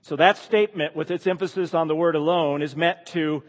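A man preaching in an earnest, emphatic way, his voice sitting a little higher than most men's. He often sinks into a soft, hushed tone. A long reverb trails each phrase, as in a large hall. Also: fairly even intonation, a little fast, hardly any pauses. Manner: earnest, emphatic, often drops to a quiet hush. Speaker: pastor. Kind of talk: sermon.

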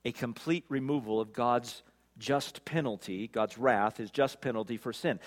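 A pastor preaching an expository sermon, swinging from loud emphatic peaks to quiet, drawn-out phrases. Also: male voice, mid-range voice. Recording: long reverb of a large hall.

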